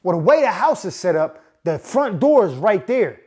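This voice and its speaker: A man's voice: high voice, normal speed, breathy edge. A man in his forties from Pittsburgh, telling a comedic personal story in casual slang with frequent asides to the listener. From Pittsburgh, USA. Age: 40s. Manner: animated, slangy, acts out the people in his story; frequent asides of "you know what I'm saying". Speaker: podcast host.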